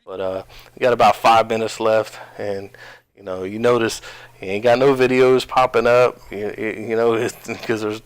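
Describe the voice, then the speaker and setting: A man's voice: fairly low pitch, level tone, normal speed, smooth, dry recording. A man from New Jersey with a slight twang, giving rambling, casual commentary over his own gameplay on a headset. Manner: rambling, many restarts and fillers. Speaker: gaming channel host.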